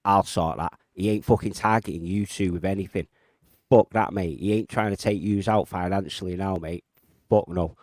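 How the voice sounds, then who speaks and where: A man on a live stream, loud and backslapping, swearing and calling everyone mate. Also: deep voice, fairly even intonation, moderate pace, no echo, studio quality. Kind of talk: casual heated chat.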